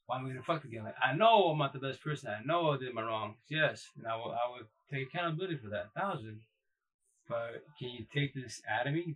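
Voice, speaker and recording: A man's voice: mid-range voice, fairly bright tone, husky, low-quality recording. A man hosting a casual livestream, talking in a rambling, emphatic way, swearing often and repeating himself. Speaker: livestream host.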